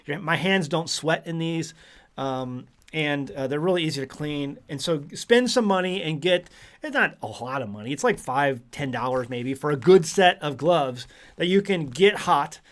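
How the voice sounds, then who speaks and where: High-voiced chatty man hosting a livestream. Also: expressive, moderate pace. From United States. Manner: chatty, rambling, reads out viewer locations. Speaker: livestream host. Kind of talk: casual livestream chat.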